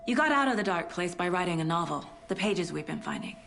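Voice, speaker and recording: A composed investigator in a game, her lowish voice measured and skeptical as she presses for answers. Soft game music sits under her words. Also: expressive, vocal fry. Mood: probing. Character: calm, probing female investigator.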